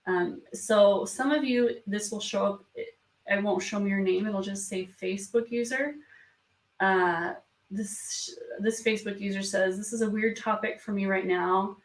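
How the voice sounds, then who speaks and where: A woman hosting a live stream, reading viewer comments aloud in a soft, hesitant way while fighting back tears. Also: medium pitch, steady tone, measured pace. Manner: soft, hesitant, many ums and restarts. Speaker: beauty vlog host. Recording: roomy sound from a distance from the mic.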